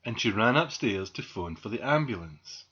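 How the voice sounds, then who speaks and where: A man reading a children's story aloud with very expressive storytelling. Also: lowish voice, normal speed, breathy edge. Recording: dull lo-fi recording.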